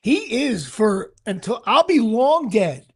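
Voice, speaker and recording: New guy on a podcast, high raspy voice, rambles and restarts a lot. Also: slow pace. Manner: rambling, excitable, stumbles and restarts. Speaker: podcast host. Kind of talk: casual sports chat.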